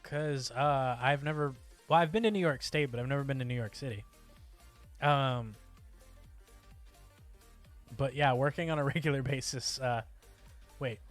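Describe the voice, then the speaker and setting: A man's voice: medium pitch, moderate pace, pauses often, soft background music. A man casually chatting while streaming a game, rambling and breaking into yelps and exclamations as things happen in play. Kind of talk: casual gameplay chat.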